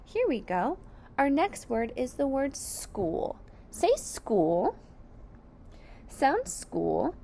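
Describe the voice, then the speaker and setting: A woman teaching young children to read, sounding out words letter by letter at a very slow, careful pace. Her voice is somewhat high and swings widely in pitch. A gravelly edge runs under her words. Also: huge pitch swings, warm tone, a little hiss or hum. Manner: sounds out letters and syllables one by one, praising. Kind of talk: slow, deliberate phonics lesson for young children.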